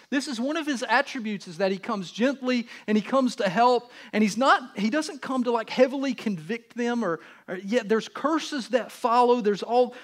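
A man preaching a sermon in a conversational way. He swings from loud emphasis down to soft, near-whispered lines and acts out voices in casual speech. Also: extremely high pitch. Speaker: pastor.

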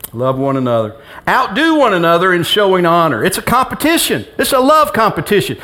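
Middle-aged man, pastor, conversational sermon, slightly high voice, playful asides. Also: big pitch swings, unhurried, long pauses, fairly bright tone. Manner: conversational preaching with humor and quoted dialogue. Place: church sanctuary with congregation.

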